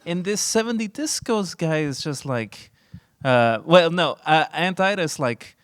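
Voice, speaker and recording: A man's voice: on the high side, big pitch swings, a little slow, clean tone, dry recording, clean studio sound. A man chatting casually on a podcast, telling stories playfully with slang. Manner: playful, slangy, enthusiastic storytelling. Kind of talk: casual chat.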